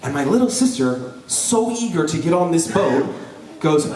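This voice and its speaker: A man's voice: fairly high pitch, normal speed. Young man telling a funny story in a hall. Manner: lively, joking, with audience asides. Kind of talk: live storytelling. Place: event hall before an audience. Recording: roomy hall, voice from a distance.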